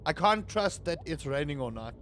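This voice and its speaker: A man streaming a game, chatting casually and playfully with his viewers, sometimes bursting into loud, excited hype. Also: on the high side, normal speed, a little hiss or hum. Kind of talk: casual live-stream chat.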